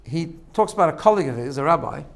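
A man speaks to a congregation in a loose, conversational sermon style. His voice sits a little higher than most men's, and he keeps checking in with his listeners and restarting his phrases. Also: expressive, fast talker, gravelly. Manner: conversational, asks rhetorical "right?", self-corrects and restarts. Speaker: rabbi giving a talk.

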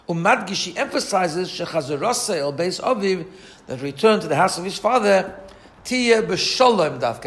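A man teaching a text study class, reading Hebrew phrases aloud and translating them line by line, often asking questions and checking in with "right?". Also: high voice. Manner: asks rhetorical questions and adds filler checks like "right?". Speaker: Torah teacher.

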